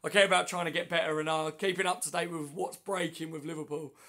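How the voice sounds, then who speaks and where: Male stream host, high-pitched and gravelly, hoarse with flu, chatty and matey with viewers. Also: fairly even intonation, fast talker, sharp tone. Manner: chatty, matey, answers comments one by one. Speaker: livestream host. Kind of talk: casual livestream chat reading viewer comments. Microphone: phone.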